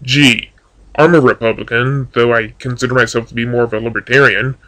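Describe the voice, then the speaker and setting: A man's voice: medium pitch, fairly even intonation, a little fast, pushed and bright, low-quality recording. Dry, sarcastic man rebutting a video. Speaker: YouTube commentator. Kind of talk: casual rebuttal commentary.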